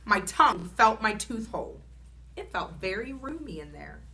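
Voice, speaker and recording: A woman reading a children's chapter book aloud in an expressive, animated storytelling manner. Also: mid-range voice, moderate pace.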